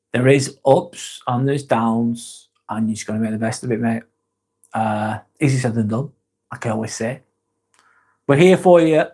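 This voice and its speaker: A man's voice: medium pitch, darkish tone. A man hosting a casual live-stream chat, reading viewer comments aloud and answering them in a blunt, frank way with constant swearing.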